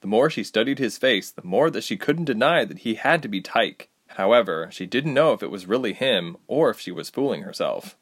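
Male audiobook narrator, animated pitch, steady scripted delivery. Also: a little fast, hardly any pauses.

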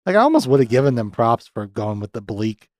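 A man hosting a casual podcast film review, animated, often jumping into high-pitched voices to act out characters' lines and laughing a lot. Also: a little fast, no echo. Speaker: podcast host.

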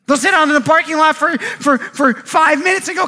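A man in his thirties preaching a sermon, animated, acting out quoted voices and often repeating words as he goes. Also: extremely high pitch, a little fast. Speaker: pastor.

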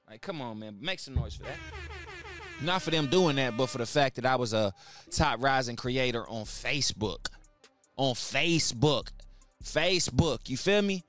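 A man's voice: medium pitch, expressive, moderate pace, fairly bright tone, no room sound, faint music behind. A man hosting his own podcast in casual, hyped talk, heavy on slang and repeating words for emphasis. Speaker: podcast host.

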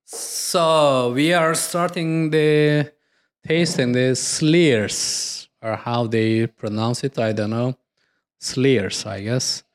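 Chatty man, halting and restarting. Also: medium pitch, fairly even intonation. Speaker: podcast co-host. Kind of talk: casual chat.

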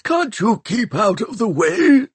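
A man's voice: a little high, lively intonation, slow, a little mellow, breathy edge, dry recording, voice pushed up, exaggerated voice. A man voicing a flustered, bumbling elderly male art historian who stammers through many fillers. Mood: snappish.

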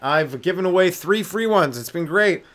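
Man, comedy podcast host, slightly high pitch, stoned rambling riffs. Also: expressive, moderate pace, a bit bright. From Canada. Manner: riffing, slips into silly put-on voices and sung bits. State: high on weed. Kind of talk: rambling solo comedy rant.

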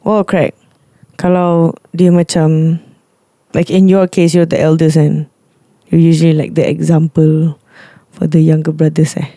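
A man's voice: on the high side, little pitch movement, a little slow, pauses often, warm tone, dry recording, clean studio sound. A young man with a Malaysian English accent, chatting candidly as a podcast co-host and slipping Malay words into his speech. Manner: candid, mixes in Malay words, restarts often. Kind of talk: casual chat.

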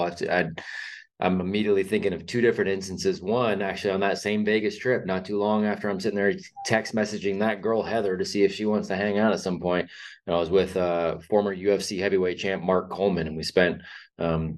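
A man hosting a podcast, telling anecdotes in animated casual chat. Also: deep voice. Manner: animated storytelling. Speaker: podcast host.

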